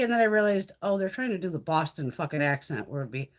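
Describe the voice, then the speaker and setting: A woman's voice: mid-range voice, fast talker, few pauses. A woman beauty vlogger chatting casually on a live stream while doing her makeup, blunt and full of swearing.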